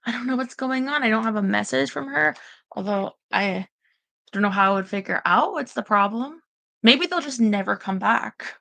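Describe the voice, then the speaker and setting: A woman's voice: fairly high pitch, lively intonation, normal speed, vocal fry, sharp tone. A woman rambling anxiously in casual livestream chat, talking straight to her viewers.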